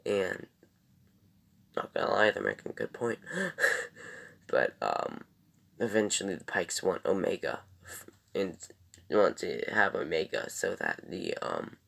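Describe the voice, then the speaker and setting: A young man with a very low, gravelly voice rambles through an episode review. His pitch swoops lively up and down as he recaps, full of ums and quick self-corrections.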